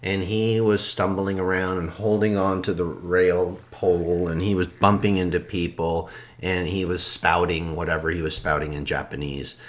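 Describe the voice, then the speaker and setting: Deep low guy telling a story on a podcast, calm and thoughtful, goes quiet and soft a lot. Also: normal speed, few pauses. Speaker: podcast co-host. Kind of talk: storytelling in casual chat.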